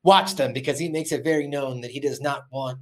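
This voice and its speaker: A man's voice: medium pitch, fairly even intonation, fairly quick. A man hosting a podcast, animatedly retelling a cartoon episode in a loose, casual chat with lots of fillers. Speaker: podcast host.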